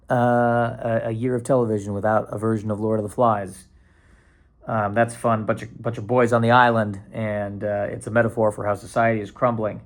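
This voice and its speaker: A man hosting his own podcast, rambling casually with sarcasm, restarts and bursts of mock panic. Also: mid-range voice. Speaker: podcast host.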